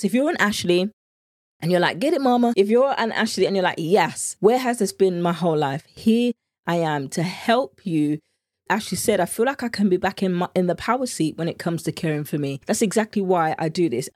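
A woman's voice: lowish voice, darkish tone, no room sound. British lady doing her podcast, heartfelt and chatty, dry close sound. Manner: earnest, heartfelt, chatty, faith-filled. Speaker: podcast host and meal planning coach. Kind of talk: solo podcast talk.

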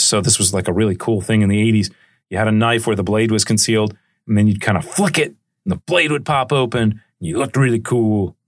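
A male history podcast host talks through his subject in a relaxed, digressive manner. His voice sits at an ordinary middle pitch. The recording is dry and close, with no room sound. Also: no echo. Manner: chatty and digressive, with frequent "uh" and "right?". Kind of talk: conversational history lecture.

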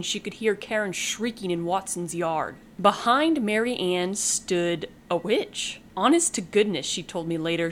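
A woman with a fairly low voice reads a children's story aloud as a podcast host, lively and acting out each character. A faint hiss sits behind her. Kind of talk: reading a children's book aloud.

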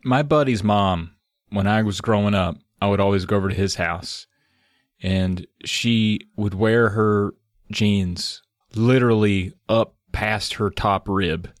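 A man's voice: on the low side, slow pace, dry recording, clean studio sound. A young adult man co-hosting a podcast, casually joking and animatedly retelling film scenes. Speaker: podcast co-host. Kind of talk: casual chat.

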